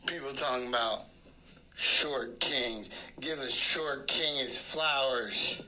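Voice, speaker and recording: A man telling a recorded stand-up joke in a deadpan storytelling way. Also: medium pitch, takes it slowly, poor audio. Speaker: comedian.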